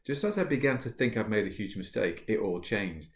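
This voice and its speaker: A man who writes about positive psychology, talking casually to teachers and then reading a story passage aloud in a relaxed, storytelling way. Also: on the low side, brisk. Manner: relaxed and chatty with fillers, reading at an easy, storytelling pace. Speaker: positive psychology author and speaker. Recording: roomy, echoey room.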